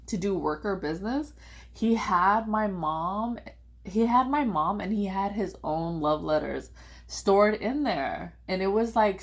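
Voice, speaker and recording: A young woman telling a personal family story in a casual, rambling way, full of "like" and animated quotes of her parents. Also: mid-range voice. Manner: rambling, heavy use of "like", animated quoting of family.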